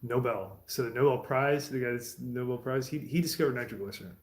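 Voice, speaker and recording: A man's voice: mid-range voice, brisk. A man talking casually in a rambling, profane monologue from his home garage, with laughing asides. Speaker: streamer. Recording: roomy echo.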